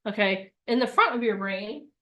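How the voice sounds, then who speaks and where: A woman in her forties, a coach giving a lively live online workshop and acting out voices. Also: medium pitch, normal speed. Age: 40s.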